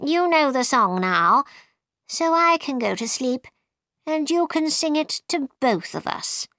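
A woman's voice: sits high, expressive, takes it slowly, fairly bright tone, no room sound, studio quality, pitched above the performer's own voice, full character voice. A woman voicing a bossy, boastful queen in a storybook, with a firm, know-it-all manner.

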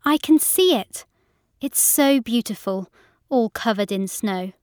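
A cheerful young woman, voiced by an actress in a recorded listening test. Her voice is on the high side and she speaks slowly. The sound is dry and close. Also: expressive, a little mellow, dry recording. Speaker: dialogue actor in a listening exam. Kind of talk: scripted dialogue reading.

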